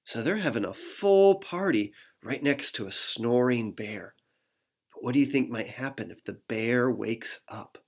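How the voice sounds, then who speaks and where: A pastor reads a children's picture book at an easy, slow pace, with lots of rise and fall in the voice. The reading is playful, with sound effects acted out along the way. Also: medium pitch, animated.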